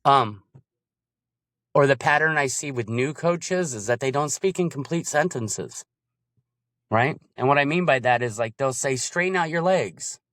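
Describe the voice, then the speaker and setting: Animated man explaining coaching, dry close sound. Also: mid-range voice, a little slow, no echo. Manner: animated, acts out examples in changing voices. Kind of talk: casual chat.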